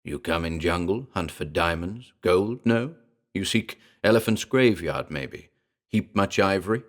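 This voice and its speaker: A man voicing a gruff male gorilla in a storybook reading, talking in broken pidgin and then in slangy tough-guy wisecracks. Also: deep voice, animated, measured pace.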